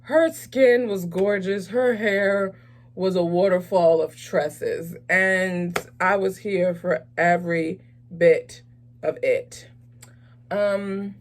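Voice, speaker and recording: A woman in the middle of an ordinary pitch range hosts a casual movie review vlog from home. She talks in a loose, enthusiastic, animated way, with plenty of fillers and restarts. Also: measured pace. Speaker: host of a movie review channel.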